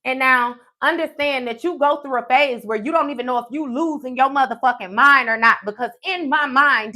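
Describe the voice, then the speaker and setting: Woman, pitched a little high; animated, profane live storyteller. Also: fairly quick, hardly any pauses. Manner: animated, profane, frequent "okay?" check-ins. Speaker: tarot reader.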